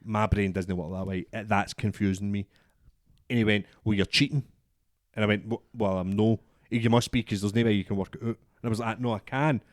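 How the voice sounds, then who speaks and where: A man's voice: lowish voice, steady tone, a little fast, no echo, clean studio sound. Sweary Scottish man telling a story. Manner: swears a lot, acts out both sides of a story. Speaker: podcast co-host. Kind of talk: casual storytelling chat.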